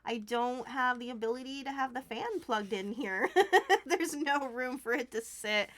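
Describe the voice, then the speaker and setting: A woman's voice: on the high side, unhurried, a bit bright. A woman streaming from a tiny room at home, chatting casually while she crafts, giggly and full of thanks. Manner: chatty, giggly and effusively grateful.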